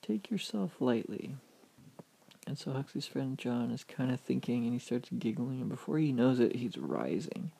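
Gravelly man telling an animated story. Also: mid-range voice. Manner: animated, vivid narration. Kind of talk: oral storytelling.

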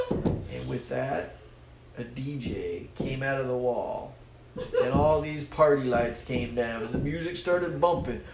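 A man's voice: mid-range voice, unhurried, vocal fry, crowd noise. A man telling a rambling, playful improvised story. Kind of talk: improvised silly bedtime story. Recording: echoey room with background noise.

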